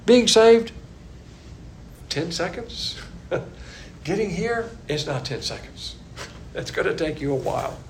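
A man teaching a Bible class in a blunt, sarcastic way. His voice sits a little high for a man. A faint low rumble hums under the recording. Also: a little mellow. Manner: blunt, sarcastic, chuckling asides. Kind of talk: sermon.

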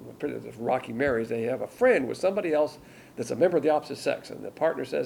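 A man teaching a verse-by-verse Bible lecture, blunt and digressive, reading scripture aloud more forcefully than his asides. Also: medium pitch, fast, gravelly, slight background noise.

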